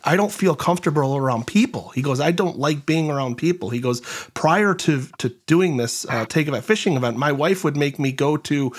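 A man's voice: fairly high pitch, brisk, few pauses, slightly rough. A man hosting an interview, retelling a veteran's story at length with quoted lines and frequent fillers. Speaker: host and nonprofit organizer.

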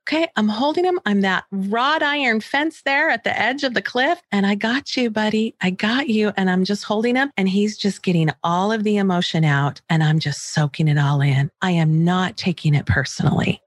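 A middle-aged woman gives a parenting lesson in a calm, gentle voice. She acts out example dialogue as she teaches. The recording is close and dry, with no room sound. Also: medium pitch, normal speed, few pauses, no echo. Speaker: parenting coach.

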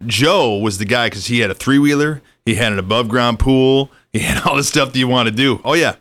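A man hosting a casual chat, reminiscing in a relaxed way and laughing easily. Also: mid-range voice, brisk, no echo.

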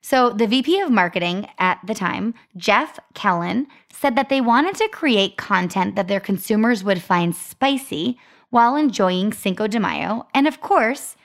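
A woman's voice: medium pitch, lively intonation, measured pace, a bit bright. A young woman co-hosting a chatty podcast, telling an upbeat story and reading out marketing details. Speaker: podcast co-host. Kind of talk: casual chat.

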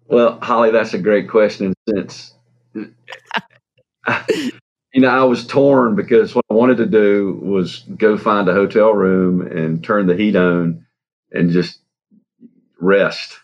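A man with a very low voice, speaking as an interview guest. He talks in a halting way, pausing on fillers and laughing softly. The recording is dull and lo-fi. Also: steady tone. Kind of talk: interview storytelling. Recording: dull lo-fi sound.

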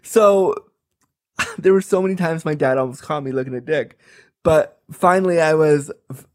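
A man's voice: fairly high pitch, moderate pace. A man in his thirties telling a comic personal story, candid and chatty, full of fillers. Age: 30s.

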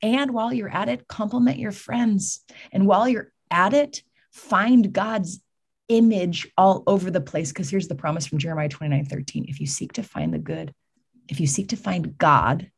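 A woman from California, a podcast guest telling a lively personal story that leads into a faith message, acting out the voices in it. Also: medium pitch, normal speed, gravelly, breathy edge. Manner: animated storyteller, acts out quoted voices.

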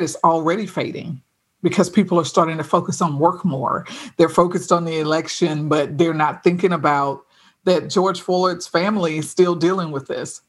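Woman, husky voice, earnest storyteller, casual podcast guest, restarts her sentences often. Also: deep voice.

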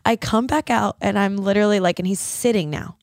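A woman's voice: medium pitch, brisk, no room sound, studio quality. A young adult woman co-hosting a podcast, telling a story casually and acting out the dialogue. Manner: animated, laughing, acts out quoted dialogue. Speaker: podcast co-host.

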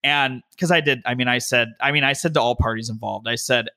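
A man telling a long personal story from his home office, in an animated, heated way with quick bursts of speech. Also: mid-range voice. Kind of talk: conversational storytelling.

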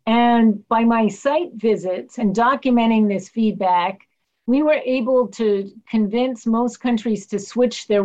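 A woman's voice: medium pitch, a little mellow, lo-fi sound. A woman interview guest telling field stories with animation, acting out the people she quotes. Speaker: guest, public health worker. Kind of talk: interview storytelling.

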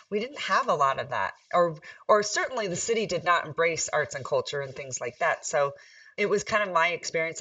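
A woman mayor from Nevada chatting in a casual interview, upbeat and quick to laugh. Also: sits low, fairly bright tone, no echo, distant mic, highs cut off. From Nevada, USA.

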